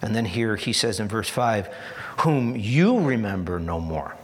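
A man preaching a sermon in an earnest, repeating style, lingering over each phrase at a slow pace. His voice carries a long reverb, as if filling a large hall. He builds to emphatic peaks, then drops to soft asides. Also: on the low side, animated. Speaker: pastor.

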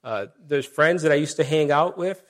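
A middle-aged man preaches in a relaxed, talky way, breaking off into asides and reading scripture aloud. His voice sits a little on the high side for a man. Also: normal speed. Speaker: pastor. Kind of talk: sermon.

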